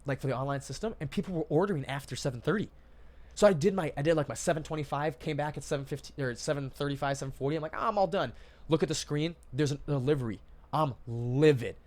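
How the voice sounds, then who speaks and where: A man's voice: mid-range voice, darkish tone. A young man hosting a casual podcast chat, talking emphatically and calling people dude and bro. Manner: fast, emphatic, calls listeners dude and bro. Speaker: podcast host.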